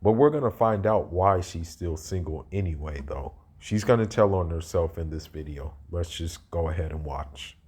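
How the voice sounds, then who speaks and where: A man's voice: low voice, moderate pace, hardly any pauses, darkish tone, husky. A man reacting to a played video in casual, rambling commentary, often restarting and asking "you know what I mean".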